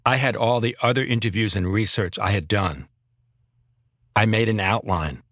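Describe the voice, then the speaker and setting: A man narrating his own memoir as a podcast host, reflective and measured. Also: on the low side, fairly bright tone, no echo, studio quality.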